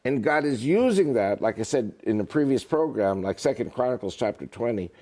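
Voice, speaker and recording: A man being interviewed who talks freely and drifts into jokes and stories. His pitch swings widely, and his delivery is animated. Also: a little fast. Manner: animated, joking storyteller. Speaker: guest, author and politician. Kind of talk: casual interview talk.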